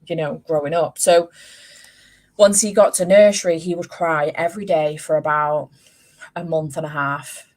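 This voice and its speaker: A woman's voice: sits low, steady tone, moderate pace, a little mellow. A woman, telling stories in a casual chat and swearing freely. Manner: chatty storyteller, swears casually. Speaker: host.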